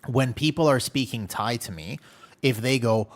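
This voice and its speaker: A man livestreaming a game, chatting candidly and telling animated stories with playful exaggeration. He is from the United States. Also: medium pitch, a little fast. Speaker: game streamer. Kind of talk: casual livestream chat while gaming.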